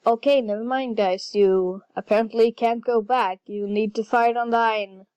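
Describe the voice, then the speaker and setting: A woman chatting casually while playing a video game, excitable and easily flustered. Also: fairly high pitch, measured pace, clean tone, no echo. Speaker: gaming channel host. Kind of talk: casual gameplay commentary. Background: faint game music.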